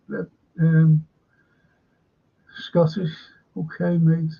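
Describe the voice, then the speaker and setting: A man hosting a live stream, reading out viewer comments in a rambling, slow way with asides. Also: fairly high pitch, fairly even intonation, gravelly, husky, highs cut off. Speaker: host.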